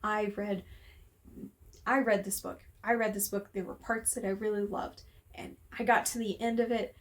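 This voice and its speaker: A woman's mid-range voice, level in tone and at normal speed, carries a casual, heated rant to camera. She reviews books, swears freely out of exasperation, and records at home in a room with an open window.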